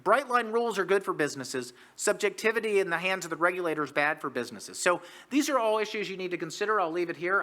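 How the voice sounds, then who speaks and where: Bright-voiced American man lecturing on economics. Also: sits high, animated. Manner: brisk, argumentative, rhetorical questions. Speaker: economics professor, panelist. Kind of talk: conference lecture. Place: conference hall.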